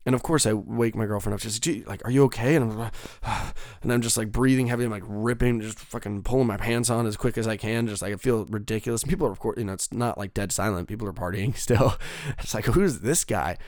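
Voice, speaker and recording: A man's voice: fairly low pitch, steady tone, fast, darkish tone, dry recording, studio quality. A young man telling a rambling, profane story in a casual monologue, full of fillers and restarts.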